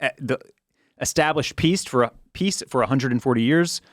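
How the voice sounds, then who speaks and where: A man in casual podcast chat, picking apart a TV episode with lots of "like" and restarts. His voice sits at an ordinary middle pitch. The sound is dry and close, with no room echo. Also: normal speed. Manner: animated, piles up fillers and false starts. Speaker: podcast co-host.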